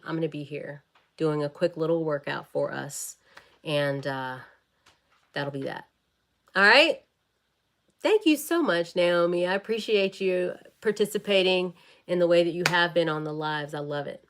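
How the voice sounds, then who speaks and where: A woman chats casually with her livestream audience. She is bubbly and talkative, calling them y'all. Her voice sits a little low. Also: expressive, normal speed, fairly bright tone. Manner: bubbly, chatty, addresses viewers as y'all. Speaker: wellness vlogger and fitness live-streamer. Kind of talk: casual livestream chat with viewers.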